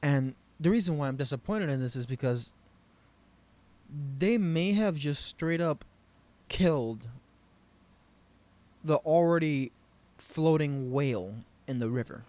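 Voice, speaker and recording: A man giving an unscripted game review rant, rambling and profane, with frustrated loud bursts. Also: on the high side, expressive, unhurried, pauses often, no room sound. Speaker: game commentary vlogger.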